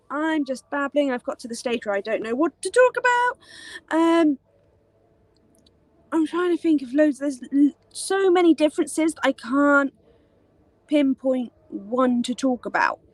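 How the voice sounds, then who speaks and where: British woman, young, live chat host, slow rambling talk, fairly high voice, dry close sound. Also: no room sound. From Britain. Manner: rambling, many ums and likes. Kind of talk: casual live-stream chat.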